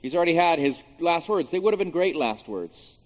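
A man, a pastor, preaching a sermon in an animated way, swinging between hushed and loud moments, with jokey asides. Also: fairly high pitch, brisk. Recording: dull sound with long reverb in a large hall.

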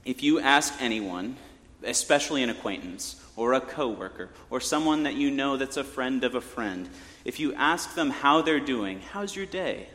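A man's voice: medium pitch, animated, normal speed, a bit bright. A man preaching a sermon from the pulpit in a conversational way, with joking asides to the congregation. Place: church sanctuary. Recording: long church reverb.

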